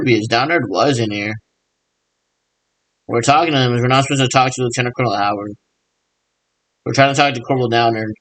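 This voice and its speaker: A man's voice: mid-range voice, brisk, long pauses, a bit bright, no echo, low-quality recording. Man rambling through pretend radio checks. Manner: mimics radio check chatter, repetitive; talks to himself in back-and-forth. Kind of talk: rambling improvised monologue.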